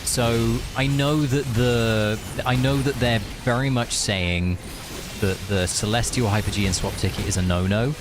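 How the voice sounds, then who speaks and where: A man's voice: mid-range voice, fairly even intonation, a little slow, over music. A young man streaming a game, chatting loosely with viewers and thinking aloud, with lots of fillers and restarts. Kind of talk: casual live-stream chat.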